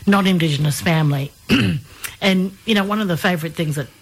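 Interviewer: woman from the Torres Strait, husky, lowish voice, easy conversational manner. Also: brisk.

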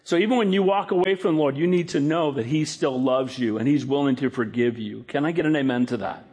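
A man preaching a sermon, animated, acting out scripture quotes in a raised voice. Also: medium pitch, a little fast, husky. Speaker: pastor.

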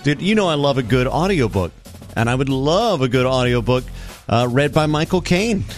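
A man's voice: medium pitch, very animated, normal speed, faint music behind. A man co-hosting a radio show, chatting casually and confidently sharing opinions. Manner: opinionated, talks in confident asides. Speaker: radio co-host. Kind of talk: casual morning show banter.

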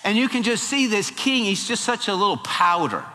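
A male preacher tells scripture as a folksy, animated story. His voice is bright and forceful, pitched a little high. A long hall echo follows each phrase. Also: normal speed. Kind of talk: sermon.

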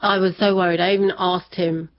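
Woman guest, lowish voice, lively storytelling, slightly muffled lo-fi sound. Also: a little fast. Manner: animated, laughs often, acts out family members' words. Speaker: interview guest. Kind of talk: personal storytelling in an interview.

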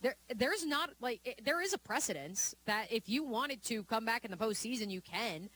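A woman's voice: on the high side, expressive, normal speed, fairly bright tone. A woman co-hosting a sports talk radio show, running through stats and analysis fluently. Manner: fluent, stat-heavy, analytical.

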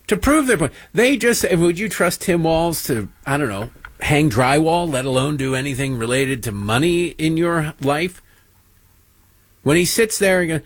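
Sarcastic guy ranting about politics, husky voice, dead dry mic. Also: expressive, a little slow, no echo. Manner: mocking, mimics people in high silly voices. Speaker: political talk show host. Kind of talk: sarcastic commentary over played clips.

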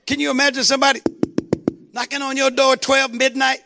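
High gravelly preacher. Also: male voice, little pitch movement, fairly quick, slight background noise. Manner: call-and-response, shouted exclamations to the congregation. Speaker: pastor. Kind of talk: sermon.

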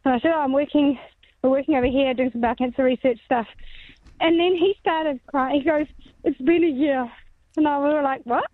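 A woman caller with a high voice tells a chatty story to radio hosts. Her voice comes through a tinny phone line and sounds dry and close. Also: steady tone, quick pace, no echo. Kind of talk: telling an anecdote on air.

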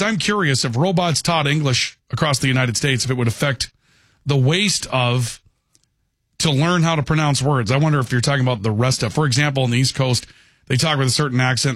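Chatty radio host, dry close sound. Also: male voice, mid-range voice, a bit bright, dry recording. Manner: conversational, peppered with "okay". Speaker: radio talk show host. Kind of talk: call-in radio talk.

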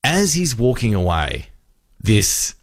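A radio host telling a story with animated delivery, acting out the people in it. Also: male voice, on the low side, slow pace, dry recording, studio quality. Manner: animated storyteller, acts out voices.

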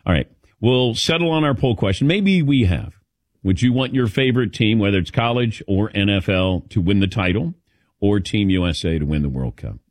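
A middle-aged man from the Midwest hosting a sports radio show, telling stories with animated, laughing delivery. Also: lowish voice, moderate pace, no room sound, studio quality. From American Midwest. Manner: lively storytelling with laughs. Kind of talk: casual sports radio banter.

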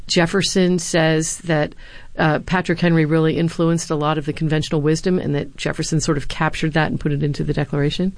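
A woman's voice: low voice, no echo. A woman, a former speechwriter and university lecturer, answering interview questions with earnest anecdotes and the odd filler.

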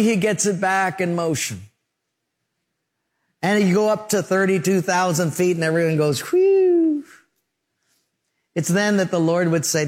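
A male pastor preaching a sermon, telling stories and acting out scenes and sound effects. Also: a little high.

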